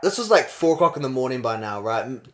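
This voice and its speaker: A man's voice: mid-range voice, quick pace. A young man with a New Zealand accent, co-hosting a podcast and telling a story in casual chat, acting out the quotes. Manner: animated storyteller, acts out quotes. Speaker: podcast co-host.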